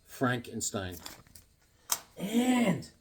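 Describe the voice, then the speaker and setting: Brief: male comic vlogger, lively up-and-down delivery, goofy punchlines, loose casual chat. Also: on the high side, drawn-out words, breathy edge. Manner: animated, cracks corny jokes, sudden yelps. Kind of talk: casual show-and-tell chat.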